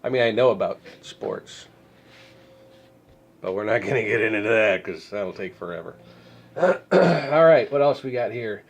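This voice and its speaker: A man's voice: on the low side, lively intonation, unhurried, pauses often. Congested man with sarcastic rambling commentary. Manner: sarcastic, rambling, frequent throat clearing. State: congested from a head cold. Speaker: news commentary host. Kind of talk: casual deadpan news commentary.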